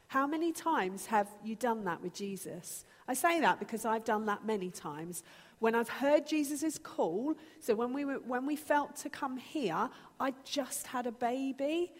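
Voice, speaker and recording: A woman in her thirties preaching a sermon, earnest and animated, acting out her own pleas to God. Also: on the high side. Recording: long hall reverb.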